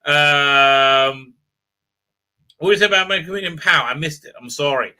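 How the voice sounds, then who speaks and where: A middle-aged man chatting on a live stream, rambling from one comment to the next with plenty of ums and laughs. His voice is very bright and a little high for a man, and it jumps up when he gets excited. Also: unhurried. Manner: excitable, rambling, laughs often, many fillers. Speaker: livestream host reading chat. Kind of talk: casual live chat.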